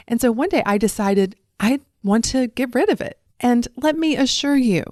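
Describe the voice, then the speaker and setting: A woman's voice: on the low side, darkish tone, dry recording, clean studio sound. A woman from the southern United States with a faint Southern accent, hosting a podcast as a life coach and talking straight to listeners in an earnest, encouraging way. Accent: faint Southern American. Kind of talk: solo podcast monologue.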